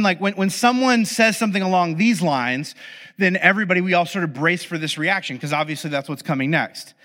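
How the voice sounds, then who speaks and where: A man tells a personal story in a loose, animated, conversational way. His voice is bright and sits a little high. A long reverb trails behind his words. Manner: conversational and animated, heavy use of "like". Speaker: speaker sharing personal stories. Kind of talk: casual storytelling monologue.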